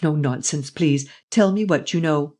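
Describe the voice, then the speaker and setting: Arsène Lupin, a man doing a mocking gentleman thief. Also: a little high, close to an everyday voice. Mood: menacing. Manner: taunting, excitable, quick to laugh. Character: suave, mocking gentleman thief, bold and gleeful.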